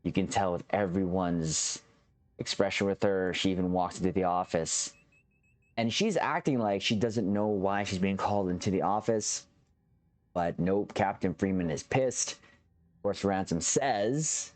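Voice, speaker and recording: A man's voice: low voice, normal speed. A man hosting a reaction channel, casually recapping a TV episode in a loose, rambling way with frequent restarts, talking straight to his viewers. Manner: rambling, restarts often, addresses viewers as captains.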